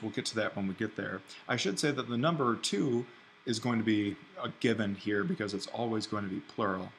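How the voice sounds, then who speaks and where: A man teaching an online Greek grammar lesson, thinking aloud and slowing down to spell out each form. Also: lowish voice, fairly bright tone, slight background noise. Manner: explains step by step, thinking aloud; slows down to spell out Greek forms.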